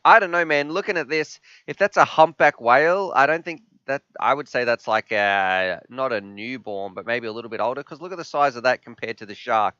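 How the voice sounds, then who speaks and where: A man's voice: medium pitch, animated, a little fast, few pauses, pushed and bright, smooth, no echo, dull audio. A man hosting a casual live stream, joking and bantering with chat.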